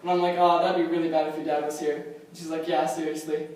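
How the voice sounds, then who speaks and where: A young man with a high voice works a stage as a stand-up comic, rambling through a story with plenty of ums and likes. He sounds far from the mic in a very echoey room, with clear noise under him. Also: flat delivery, fast. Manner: rambling, self-amused, lots of ums and likes. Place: comedy club stage. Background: audience laughter.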